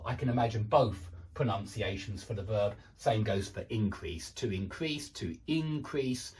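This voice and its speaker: A man teaching an online English pronunciation lesson in a chatty, self-deprecating way, slowing down to model each word. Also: on the low side, husky. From England.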